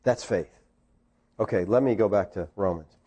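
A middle-aged man preaching a sermon, animated, with jokes and acted-out quotes. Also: fairly low pitch, normal speed, husky. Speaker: pastor.

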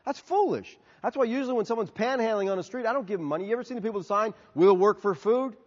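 A male pastor answers questions from the pulpit, his pitch rising and falling as he tells stories and plays every part himself. His voice is high and a little husky. It rings out into a big reverberant hall on a dull, muffled recording. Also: rapid-fire. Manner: animated storytelling, acting out both sides of dialogues. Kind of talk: sermon Q&A.

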